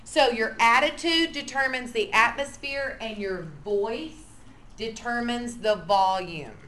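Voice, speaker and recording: A woman leading a lively, playful workshop for church preschool teachers. She acts out quotes and drops to a whisper to draw the room in. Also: on the high side, slow. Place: large hall with an audience. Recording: echoey room with faint noise.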